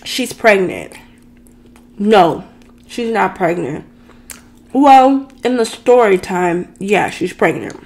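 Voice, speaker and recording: A woman's voice: medium pitch, sing-song, slow pace, creaky. A woman vlogger telling a dramatic personal story in a chatty, ranting way, talking straight to her viewers. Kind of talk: casual storytime rant.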